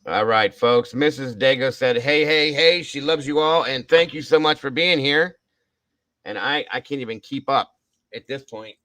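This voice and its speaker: A man's voice: mid-range voice, normal speed, a bit bright, no echo, poor audio. An older man hosting a casual live stream at home, effusively thanking viewers one by one. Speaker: livestream host.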